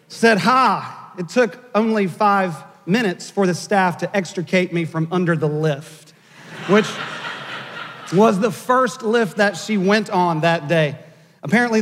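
A man pastor delivering a sermon, telling a story with dry asides and measured, emphatic phrasing. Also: high-pitched, fairly bright tone, long reverb tail.

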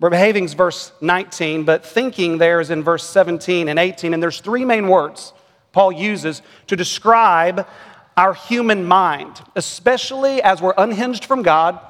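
A man's voice: high voice, a little slow, a bit bright. A man, a pastor giving a conversational, earnest sermon with stories. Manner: conversational, earnest preaching with anecdotes. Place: large church sanctuary. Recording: long church reverb.

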